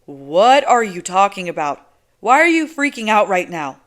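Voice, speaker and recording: An easygoing young man who teases and presses his point, speaking up louder than the narration around him, as a woman narrator gives him her own low voice. He sounds amused and unhurried. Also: clean tone. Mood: amused, teasing. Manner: relaxed, teasing, emphatic. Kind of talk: audiobook character voice.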